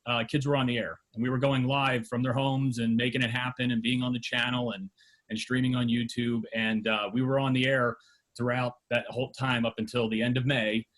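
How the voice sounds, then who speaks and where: A middle-aged man, a high school TV program advisor, giving remarks at a school board meeting in a conversational way, with many "uh"s and restarts. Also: fairly bright tone. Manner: conversational, with frequent fillers and restarts.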